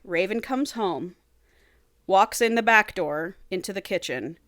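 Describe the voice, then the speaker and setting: A woman's voice: medium pitch, expressive, a little slow, fairly bright tone, no room sound. A woman co-hosting a casual podcast, retelling a novel dramatically and acting out the characters' lines with frequent laughs. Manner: dramatic, acts out character quotes, laughs often. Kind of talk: casual chat, animated story retelling.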